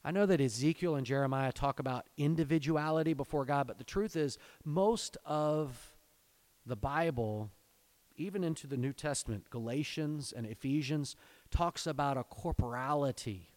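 A man preaching a sermon, reading scripture aloud and explaining it in earnest, exhorting tones, swelling into fervent pleading and then dropping low. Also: moderate pace, darkish tone. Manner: earnest, exhorting, addresses parents directly. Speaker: pastor.

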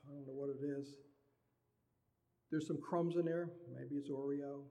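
Male preacher, conversational sermon delivery, dark mellow tone, long hall reverb. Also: mid-range voice, fairly even intonation, measured pace. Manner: conversational preaching, acts out everyday dialogue.

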